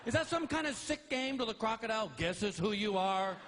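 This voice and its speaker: Animated, shouting stand-up comic, man. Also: sits high, fairly quick, a little hiss or hum. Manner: animated storytelling with shouted outbursts. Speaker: stand-up comedian. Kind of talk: stand-up comedy. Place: stage before a live audience.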